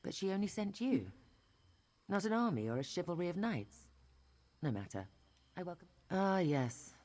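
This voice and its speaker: A woman's voice: fairly low pitch, very animated, normal speed, darkish tone. A woman voicing a proud, commanding elf queen in a video game, speaking formally and regally. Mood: resolute. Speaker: game character.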